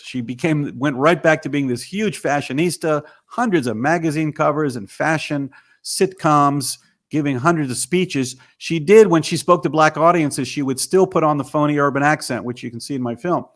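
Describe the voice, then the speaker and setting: A man's voice: a little high, normal speed. A man, a filmmaker and author, telling his story emphatically as an interview guest.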